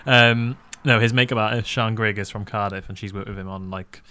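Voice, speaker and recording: A man's voice: fairly low pitch, steady tone, a little fast, pushed and bright, clear, resonant tone. Giggly Welsh-raised male guest. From Wales. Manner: laughs often, good-humoured. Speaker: podcast guest, film website reporter. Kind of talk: casual podcast chat.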